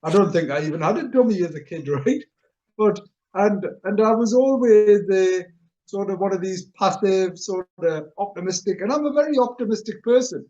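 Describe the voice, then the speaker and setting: High-voiced chuckling man. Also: moderate pace, dull audio. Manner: animated storyteller, chuckles at himself. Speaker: radio show host. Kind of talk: casual chat.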